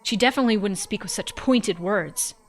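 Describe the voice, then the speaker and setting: A woman's voice: mid-range voice, brisk. A woman streamer narrating a visual novel in first person, reading expressively and breaking off for joking asides.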